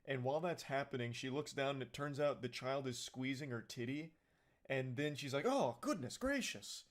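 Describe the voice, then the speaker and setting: A man of middle pitch recaps a film in a loose, comedic way. He rambles with lots of "like" and curses freely. His tone stays sarcastic and mocking throughout. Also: steady tone, moderate pace. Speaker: movie recap commentator. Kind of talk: casual comedic movie recap.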